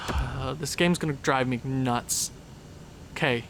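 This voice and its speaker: A young man commentating his hockey franchise game, sarcastic and exasperated, with loud frustrated outbursts. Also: medium pitch, slow, a little hiss or hum. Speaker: gaming YouTuber. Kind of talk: franchise mode gameplay commentary.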